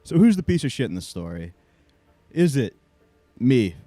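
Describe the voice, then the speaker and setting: A man co-hosting a podcast, telling a story in a casual, animated way and acting out the other people in it. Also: mid-range voice, normal speed, dry recording, faint music behind. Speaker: podcast co-host.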